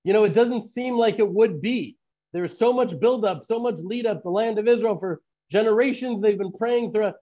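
A man's voice: high-pitched, normal speed, warm tone, muffled recording. A man hosting a live online Bible teaching, posing earnest questions to his listeners.

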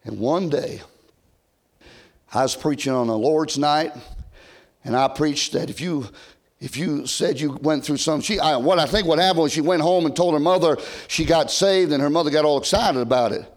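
An older man preaching an old-time sermon from a church pulpit, rising to loud shouted emphasis and dropping to quiet asides. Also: a little high, moderate pace. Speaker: pastor.

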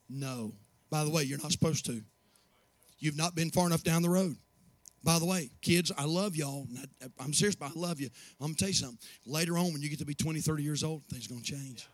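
A man preaching a sermon as pastor, building from low, quiet asides to impassioned shouts. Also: dry recording.

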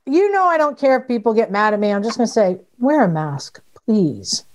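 A woman co-hosting a podcast in casual chat, lively and chatty. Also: on the high side, brisk. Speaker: podcast co-host.

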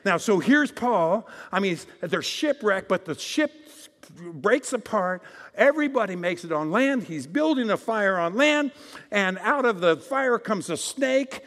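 A male preacher giving a dramatic sermon, swinging between loud proclamations and hushed asides and calling out for audience responses. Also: high-pitched, expressive, a little slow. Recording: long hall reverb.

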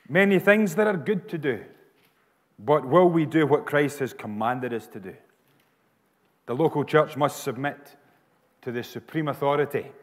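A Scottish pastor preaching a sermon with emphatic, repeated phrases. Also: male voice, on the high side, big-room sound.

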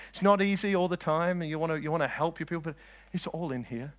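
A man preaching a lively sermon, swinging between loud declarations and quiet asides and joking with his listeners. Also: a little high, fast talker, few pauses. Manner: jokes with the audience.

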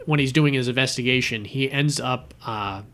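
A man co-hosting a casual movie podcast, retelling film scenes with lively acted-out bits. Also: medium pitch, normal speed. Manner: animated storyteller acting out scenes. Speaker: podcast co-host.

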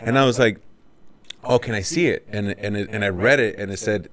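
A man with a lowish voice chats as a guest, telling loose stories that stop and restart. He grew up in Mexico. His talk is casual and rambling. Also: a little fast, a bit bright. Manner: rambling storyteller with frequent restarts. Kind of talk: casual chat.

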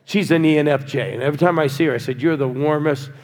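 A man's voice: on the high side, rapid-fire, darkish tone. A man in his sixties preaching a humorous, teasing sermon to a congregation. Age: 60s. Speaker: guest preacher. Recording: long hall reverb.

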